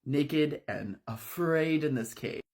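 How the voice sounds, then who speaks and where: A man's voice: on the high side, slow pace, darkish tone. A man casually retelling a horror story, in a loose, conversational way.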